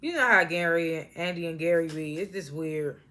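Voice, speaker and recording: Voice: mid-range voice, pushed and bright. Casual reviewer laughing through a recap. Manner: laughs often while recapping; acts out characters' lines with quick voice changes. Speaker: TV episode reviewer.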